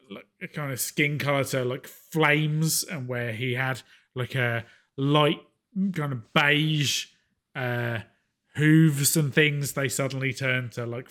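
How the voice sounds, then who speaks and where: A man narrating and running a tabletop game as game master, with many fillers and pauses. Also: medium pitch, a bit bright.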